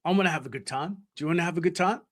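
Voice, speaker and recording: This Australian livestream host talks at a very fast clip in a fairly high voice. He chats casually, swears freely, and reads comments aloud from the chat.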